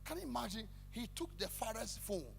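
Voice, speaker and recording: High gravelly preacher man. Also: a little fast. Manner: animated preaching that swings into shouted, sing-song calls to the congregation. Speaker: pastor. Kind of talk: sermon. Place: church hall. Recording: echoey church hall with faint hum.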